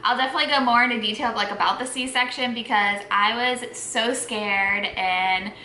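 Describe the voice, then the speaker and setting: A woman casually telling a story, halting, often trailing off and restarting. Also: fairly high pitch, pushed and bright, a little hiss or hum. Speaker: vlogger, mother of twins. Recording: echoey room.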